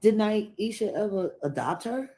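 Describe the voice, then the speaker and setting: A woman co-hosting, calmly asking questions to clear up facts. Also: medium pitch, unhurried.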